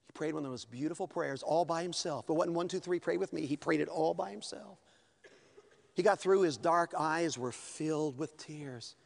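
A man preaching a sermon, telling a story with lively swings from hushed to shouting. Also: on the high side, moderate pace, vocal fry.

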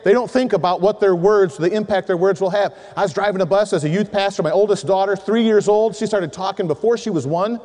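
A middle-aged man preaches to a room of men with a high, lively voice. He tells animated stories and acts out the other people in them. A long reverb trails his voice, as in a big hall. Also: fairly quick, few pauses. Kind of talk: sermon to men.

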